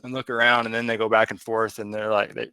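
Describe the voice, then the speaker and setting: Bright-voiced man running a tabletop game. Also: fairly low pitch, little pitch movement, quick pace, smooth, dry recording. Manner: describes the scene while pointing around a map. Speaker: game master.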